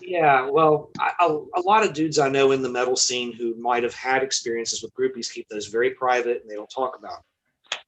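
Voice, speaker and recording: A man's voice: medium pitch, fairly even intonation, fairly quick, a bit bright, rough recording. A man, a guest musician, telling a story in casual chat, candid and swearing freely.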